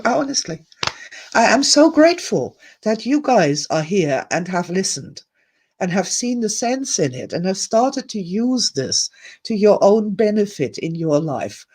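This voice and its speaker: A woman's voice: mid-range voice, a little mellow, husky. Emotional woman streaming a candid talk. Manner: candid, emotional, swears, repeats words. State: emotional, teary. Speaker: host. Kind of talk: live-streamed personal talk to viewers.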